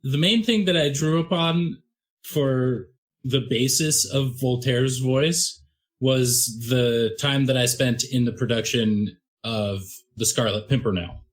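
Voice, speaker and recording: A man explaining his approach on a group podcast at an ordinary pitch. He is modest and self-deprecating, often hedging his own skill. The talk is relaxed and conversational. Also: slow pace. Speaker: actual-play podcast cast member. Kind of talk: casual group chat.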